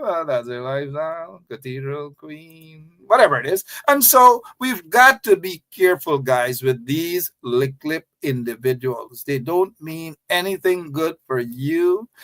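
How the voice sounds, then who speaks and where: A man delivers a fired-up political monologue in a high voice. He reads a news clip aloud, then tears into it with scornful repetition and sarcastic asides. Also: fairly bright tone. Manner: indignant, repetitive, mocking. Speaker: political commentary host.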